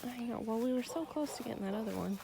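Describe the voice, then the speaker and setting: A woman's voice: on the high side, fast talker, creaky, noisy background. A woman rescuing stray dogs outdoors, coaxing them in a sing-song baby-talk voice. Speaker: animal rescuer.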